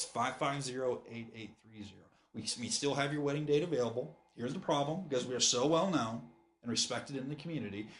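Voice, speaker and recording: An earnest man from the United States makes a persuasive sales pitch, stumbling and restarting now and then. His voice sits at an ordinary middle pitch. The room around him adds a clear echo. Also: a little hiss or hum. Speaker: wedding photographer. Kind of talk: promotional talk to camera. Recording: roomy echo.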